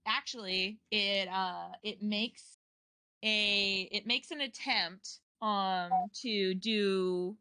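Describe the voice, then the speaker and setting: Bright-voiced woman running a tabletop game. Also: medium pitch, fairly even intonation, very slow, smooth, dry recording. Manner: meandering, many fillers and restarts. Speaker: game master.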